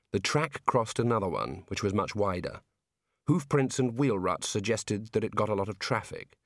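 A man narrating a storybook in a measured, steady reading. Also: lowish voice, no room sound, clean studio sound. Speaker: audiobook narrator.

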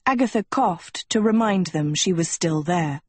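A woman narrating an audiobook chapter in a measured, even storytelling manner. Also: fairly low pitch, husky, no echo. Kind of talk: scripted narration.

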